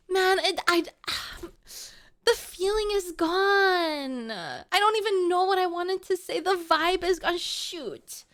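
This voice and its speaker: A woman's voice: very high-pitched, takes it slowly, fairly bright tone. A woman streamer chatting casually with her live chat, playful and melodramatic, often pleading with viewers.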